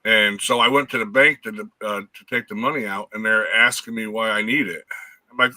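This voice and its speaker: A man telling a story in a casual chat, halting and restarting his words. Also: lowish voice, fairly even intonation, bright, forceful tone, no echo, distant mic.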